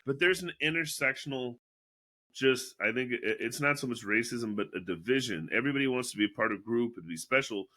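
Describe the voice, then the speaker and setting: A man guesting on a casual podcast tells stories full of swearing, acting out quotes and laughing mid-sentence. His voice is mid-range and a little fast.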